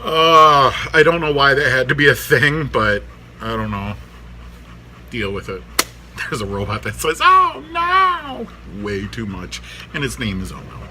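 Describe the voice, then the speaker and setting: A man's voice: lowish voice, normal speed, long pauses, sharp tone, slight background noise. A man in his thirties chatting casually to camera in his workshop, rambling through a cartoon review, laughing often and talking to his dogs.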